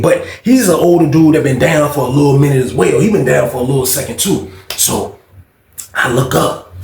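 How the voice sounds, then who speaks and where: Guy telling a prison story, cussing and slangy, kinda high voice, echoey room. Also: gravelly. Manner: slangy, profane, animated retelling with quoted voices. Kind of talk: casual storytime.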